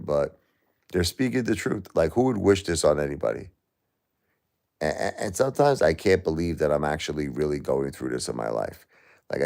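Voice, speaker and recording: A grieving middle-aged man speaks in an extremely deep voice with a gravelly, creaky edge. His talk is raw and repetitive, moving between anger and quiet disbelief as he speaks on a live stream. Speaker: livestream host. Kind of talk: emotional live-stream monologue.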